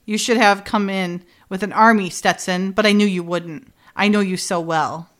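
A woman's voice: medium pitch, moderate pace. Chatty woman retelling a TV episode. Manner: animated retelling, quoting characters with laughs. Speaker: podcast co-host. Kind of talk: casual chat recapping a TV episode.

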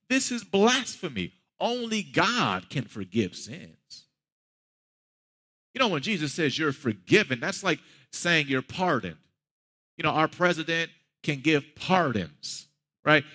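A man's voice: fairly high pitch, bright, forceful tone, big-room sound. A man preaching a sermon as a pastor, talking conversationally and building to emphatic peaks.

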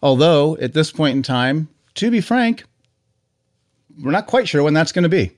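A man's voice: a little high, animated, normal speed, no echo, studio quality. A man hosting a podcast in casual chat, rambling with lots of fillers. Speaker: podcast host.

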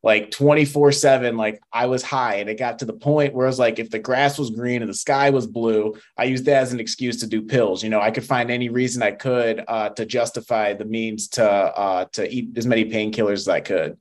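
A man's voice: mid-range voice, steady tone, brisk, hardly any pauses. Earnest young man sharing his testimony. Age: young adult. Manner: earnest, emotional storytelling with fillers. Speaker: podcast guest. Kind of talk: testimony in casual interview.

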